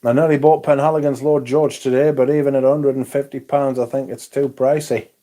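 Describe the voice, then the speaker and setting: A man's voice: medium pitch, fairly even intonation, brisk, mellow. A man hosting a livestream, chatting casually, swearing now and then, and reading out viewer comments. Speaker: livestream host.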